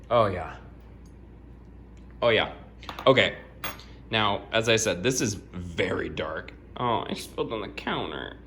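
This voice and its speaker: A man's voice: fairly low pitch, a bit bright, a little hiss or hum. A young man chatting casually while making coffee in his home kitchen, bubbly and self-mocking, laughing often. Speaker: vlogger.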